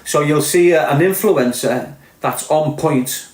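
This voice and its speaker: A man with a Liverpool accent, his voice a little high and unhurried, delivers a blunt, sweary, impassioned rant as a podcast host. The recording has a roomy sound.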